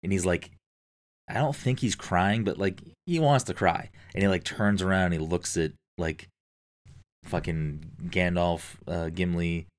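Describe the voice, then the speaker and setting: A man's voice: sits low, a little slow. A man chatting casually and enthusiastically, swearing often and using lots of fillers. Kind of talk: casual podcast chat.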